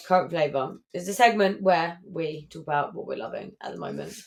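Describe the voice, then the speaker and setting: A woman's voice: deep voice, lively intonation, normal speed, creaky. A young woman, co-hosting a podcast in casual chat, gushing and saying "like" constantly. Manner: gushing, heavy use of filler "like". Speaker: podcast co-host.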